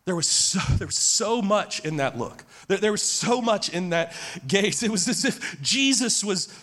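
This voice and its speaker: A pastor in his forties preaches in a high-pitched voice. His delivery is earnest and emphatic, and he circles back to his key phrases. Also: animated, a little slow, fairly bright tone. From Texas. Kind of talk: sermon.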